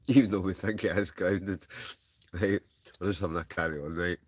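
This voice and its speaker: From a stove-heated tent, a Scottish wild camping streamer chats in a low, steady voice, a little slowly, with slight background noise. He rambles casually, laughs a lot, and responds to live comments as they come in.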